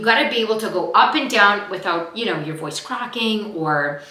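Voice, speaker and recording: A young woman who talks fast and chatty as she teaches actors vocal warmup exercises. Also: medium pitch, animated, reverberant, poor audio. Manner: fast-talking, chatty, demonstrates exercises aloud. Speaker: acting coach.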